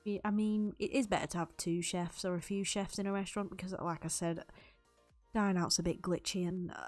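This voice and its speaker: A woman's voice: medium pitch, darkish tone. A young woman chatting loosely over a game build, rambling and laughing often. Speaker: YouTube Sims builder. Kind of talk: recorded voiceover over gameplay.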